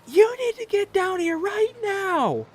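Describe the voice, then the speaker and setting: A man imitating his panicked wife in a high, frantic, pleading voice. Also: very animated, slow, exaggerated voice. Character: panicked young woman frightened of a frog.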